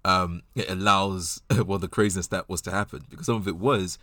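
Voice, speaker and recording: A man co-hosting a casual podcast, talking quickly and easily about a film and laughing as he speaks. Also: low-pitched, fairly even intonation, fairly bright tone, dry recording. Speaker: podcast co-host.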